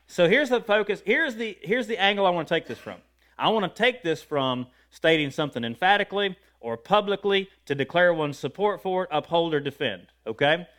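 A man preaching a lively sermon. His voice is fairly high, and its pitch rises and falls a great deal. He asks his listeners questions and breaks into loud shouts of praise. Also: a little fast.

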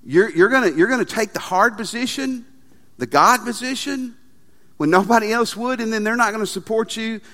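A man preaching a sermon as pastor, animated and emphatic, often repeating his phrases. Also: high-pitched, normal speed. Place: church sanctuary. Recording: long reverb of a large hall.

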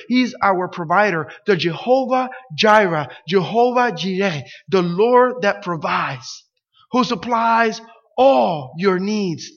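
A pastor preaches with a high, bright voice, acting out the lines he quotes. His sermon rings through a reverberant hall. The recording sounds dull and muffled. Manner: animated preaching, acts out quotes, grows louder and emphatic.

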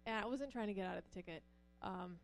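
Soft music plays behind a woman talking quickly in a gravelly voice. A middle-aged pastor's wife, she relates her own stories to a church congregation, lively throughout and voicing each quoted speaker at a higher pitch.

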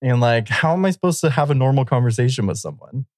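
A man's voice: mid-range voice, expressive, quick pace, darkish tone, no echo, studio quality. A man co-hosting a podcast in casual chat, rambling and laughing often. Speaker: podcast co-host.

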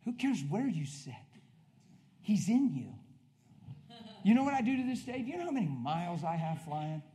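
A man preaching an energetic sermon, swinging from shouted bursts to quiet asides and acting out conversations. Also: high voice, moderate pace.

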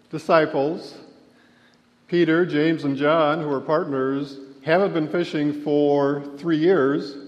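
A man delivers a slow, storytelling sermon in a fairly high voice, acting out the quotes in it. The sound is dull and lo-fi. His words ring out with the long reverb of a church sanctuary. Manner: storytelling, acts out quotes with raised voice. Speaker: pastor.

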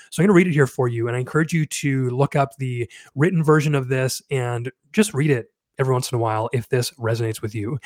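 A man's voice: mid-range voice, no room sound, clean studio sound. A man speaking earnestly and candidly to other fathers, reading aloud and encouraging them. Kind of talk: reflective talk and reading aloud.

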